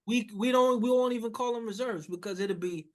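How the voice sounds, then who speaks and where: Loud, blunt New man, high voice. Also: fairly quick. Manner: loud, blunt and emphatic, profane banter. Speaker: podcast co-host. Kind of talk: casual podcast chat.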